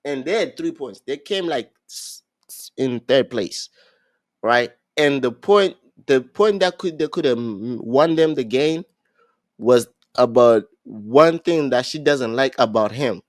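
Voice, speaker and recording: A young man hosting a podcast, casually recapping a reality show and acting out what people said, with many halting restarts. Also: medium pitch, dry recording. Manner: animated storyteller, acts out quotes, halting restarts. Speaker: podcast host.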